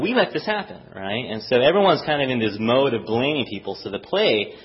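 A middle-aged man preaches a sermon in a loose, chatty way, now and then slipping into the voices of the people he talks about. His pitch moves around a great deal. The recording is dull and lo-fi. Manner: conversational, animated, often acts out voices. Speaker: pastor.

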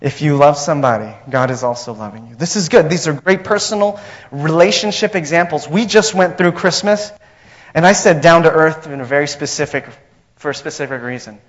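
A man's voice: on the high side, fairly quick, muffled recording. A man preaching a sermon as pastor, emphatic and repetitive, asking the congregation questions.

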